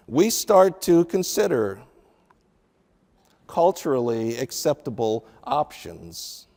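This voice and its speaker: Man, sermon, Bible teacher, fairly high voice, unhurried emphatic delivery, long hall reverb. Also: a little mellow. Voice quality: slow deliberate preaching with emphatic pauses. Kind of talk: radio sermon.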